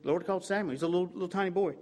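A man preaching a sermon with fervor, repeating "I tell you what" and swinging from loud emphatic peaks to low hushed passages. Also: racing.

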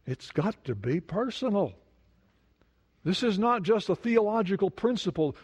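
A man's voice: high-pitched, sing-song, measured pace, a little mellow, breathy edge, dull audio. A man preaching a sermon, asking the congregation questions and repeating words for emphasis. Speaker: pastor. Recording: long hall reverb.

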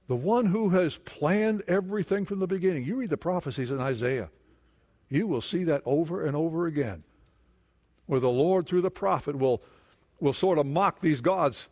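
A man's voice: a little high, normal speed, darkish tone, muffled recording. A man preaching a sermon, asking the congregation questions and repeating words for emphasis. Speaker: pastor. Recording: long hall reverb.

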